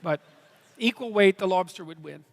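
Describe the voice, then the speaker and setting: A man answering questions on stage at a live event, earnest and halting, with many restarts. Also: sits high, creaky. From Canada. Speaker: guest speaker. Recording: reverberant hall.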